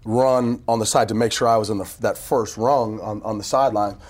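A man telling stories in a casual podcast chat, animated and laughing often, acting out what people said. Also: lowish voice, fairly quick, slightly rough. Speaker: team PR executive telling stories. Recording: phone interview audio.

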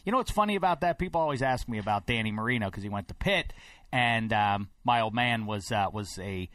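Animated sports talk host, dry studio. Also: male voice, on the low side, a little fast, dry recording. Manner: rambling, grows animated and emphatic. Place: broadcast studio.

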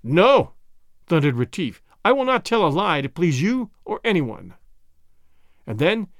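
A man reading a novel aloud as scripted narration, expressive and lightly voicing each character. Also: fairly high pitch, dry recording, studio quality. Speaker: audiobook reader.

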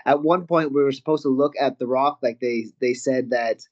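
Animated Canadian-raised man telling stories. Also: medium pitch, normal speed, muffled recording. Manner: animated anecdotes, laughs often, acts out quotes. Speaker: guest, professional wrestler and actor. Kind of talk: casual storytelling.

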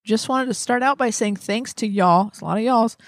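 A woman's voice: a little high, brisk, dry recording, clean studio sound. A woman co-hosting a casual podcast, reading listener letters aloud and laughing as she goes. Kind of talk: casual chat.

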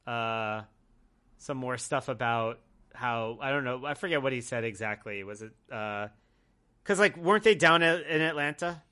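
A man's voice: medium pitch, normal speed, pushed and bright. A man co-hosting a podcast in casual chat, tossing in joking asides. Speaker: podcast co-host.

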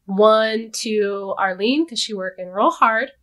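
A woman speaking as a podcast guest in casual chat, unhurried and thoughtful, laughing easily. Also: medium pitch, fairly bright tone.

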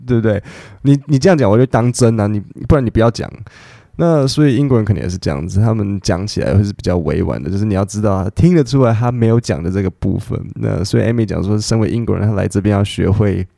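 Host for an English lesson show: man, low, dark voice, explains phrases with lively acted-out quotes. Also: fast talker, vocal fry, dry recording, clean studio sound. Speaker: podcast host teaching English.

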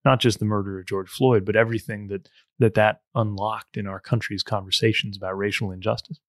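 A male interview host asking measured, thoughtful questions. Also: lowish voice, fairly even intonation, no room sound, clean studio sound.

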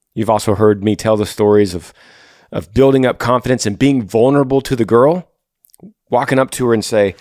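An advice podcast host speaks earnestly and directly to a listener, often repeating phrases for emphasis. His mid-range, darkish voice moves at a moderate pace in a dry, studio-quality recording.

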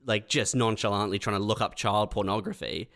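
A man's voice: lowish voice, fairly even intonation, a little fast, vocal fry, a bit bright. A man in casual chat, laid-back and full of fillers.

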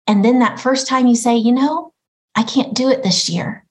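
A woman's voice: a little high, expressive, normal speed, rough recording. A middle-aged mother talking earnestly as a podcast guest, often acting out her own inner voice. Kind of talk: reflective conversation.

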